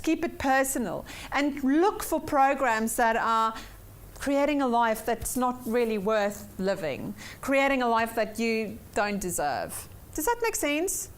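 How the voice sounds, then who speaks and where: A woman teaching a weekly personal development workshop, upbeat and repeating points for emphasis while checking in with her class. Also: high-pitched.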